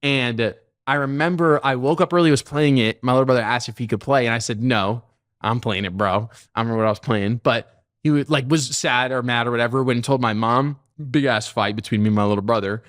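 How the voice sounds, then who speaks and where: Fast-talking young podcast host. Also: male voice, medium pitch, fairly bright tone. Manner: rambling storytelling with frequent restarts. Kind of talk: casual chat.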